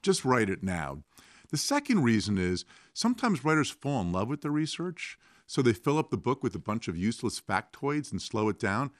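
Animated, self-mocking man talking writing. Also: mid-range voice, moderate pace, dry recording, studio quality. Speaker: novelist guest. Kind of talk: casual interview.

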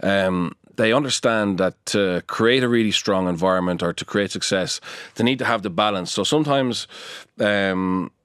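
A man with a deep, low voice talks as a guest in an interview. He is animated and keen, stumbling into restarts and fillers as his thoughts run ahead. The sound is close and dry, with no room around it. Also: moderate pace, clean tone, dry recording. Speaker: guest, performance consultant. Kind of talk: conversational interview.

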